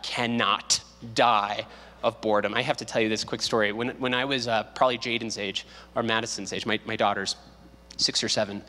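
This pastor in his thirties speaks in a lowish, sharp voice while teaching a relaxed Bible study, cracking jokes and performing quotes as he goes. The recording, made in a church sanctuary, carries a long hall reverb.

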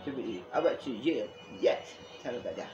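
A man rambling excitedly in a home video monologue, repeating himself and jumping between topics. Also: medium pitch, brisk, lo-fi sound, music in the background. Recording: echoey room.

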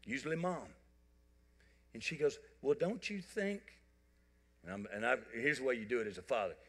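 A man's voice: medium pitch, fast. A man preaching a sermon, telling folksy, joking stories to his congregation. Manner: folksy storytelling, animated and joking. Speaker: pastor. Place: church sanctuary. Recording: church hall reverb.

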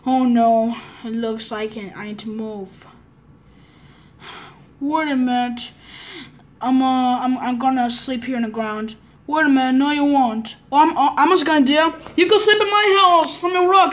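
A female speaker improvising a toy play-acting story in a halting, stammering way. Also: high-pitched, steady tone.

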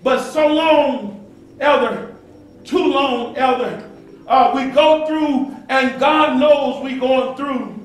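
A man preaching a sermon as pastor, with call-and-response and sudden dramatic shouts, recorded in a church. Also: very high voice, slow. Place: church sanctuary. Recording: echoey church hall from far off.

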